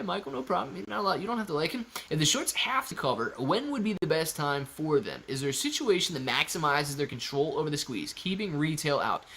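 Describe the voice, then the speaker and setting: A man with a slightly high, sharp voice hosts a relaxed home live stream on stocks, reading out viewer messages and chatting back enthusiastically. A little hiss or hum can be heard in the audio.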